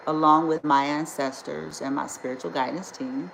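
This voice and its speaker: Brief: a low-voiced, indignant woman giving a spiritual vlog talk, emphatic and profane, roomy echo. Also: fairly even intonation, moderate pace, gravelly, fairly bright tone, slight background noise. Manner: blunt, indignant, emphatic, swears freely. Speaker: spiritual healer.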